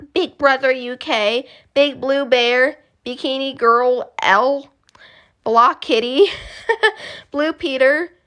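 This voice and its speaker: A woman's voice: on the high side, a bit bright, clean tone. A young woman vlogger chatting casually, rambling and correcting herself with small giggles. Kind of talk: casual chat.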